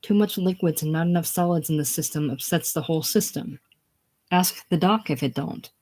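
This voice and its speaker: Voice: mid-range voice, normal speed, a little mellow, lightly acted. A reader voicing a tearful, needy barfly woman with a whining, pleading delivery in a casual play reading.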